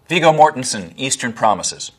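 A man giving expressive, technical commentary on film clips, explaining how actors handle accents. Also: mid-range voice, normal speed, music in the background.

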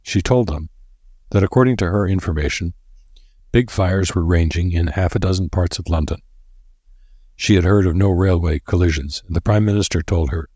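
A man narrates an audiobook in a steady, measured way. His voice is deep and husky. The recording is dry and close, with no room sound. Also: no room sound. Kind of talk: scripted narration.

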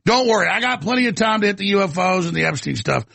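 A man hosting a talk show in a rambling, heated rant, with a gravelly, raspy voice. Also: high voice, lively intonation, quick pace, a bit bright, no echo.

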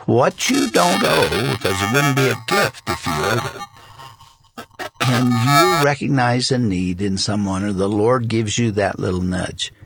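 A man hosting an interview, speaking in a measured, reflective way. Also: medium pitch, lively intonation, vocal fry, loud music behind the voice. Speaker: host.

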